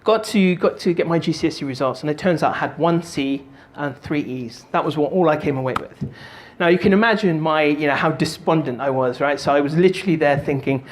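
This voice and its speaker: A man giving a motivational talk, telling a story in an animated, jokey way and doing voices. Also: a little high, brisk, few pauses. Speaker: motivational speaker and stand-up comic.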